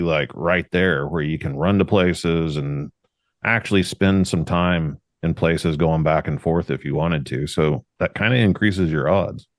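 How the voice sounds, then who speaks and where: A man who researches Bigfoot, a podcast guest, explaining things in a measured way. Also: low voice, no room sound, studio quality. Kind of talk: casual podcast chat.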